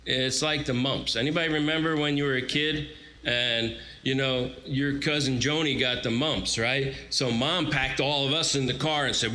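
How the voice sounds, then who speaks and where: A man's voice: mid-range voice, moderate pace, low-quality recording. A man in his forties preaching a sermon, telling stories animatedly and acting out quotes. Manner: animated storytelling with acted-out quotes. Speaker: guest preacher.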